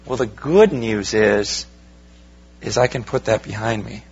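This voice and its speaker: A man's voice: fairly low pitch, a little slow, breathy edge, muffled recording. A man, a pastor, preaching a sermon in a conversational way, asking rhetorical questions and talking straight to his congregation. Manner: addresses the congregation directly.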